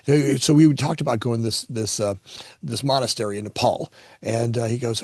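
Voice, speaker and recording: A man's voice: mid-range voice, moderate pace, darkish tone, dry recording. A middle-aged man from Florida, a company founder, telling personal stories in a casual conversation, often repeating words as he starts a thought. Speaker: guest, construction company founder.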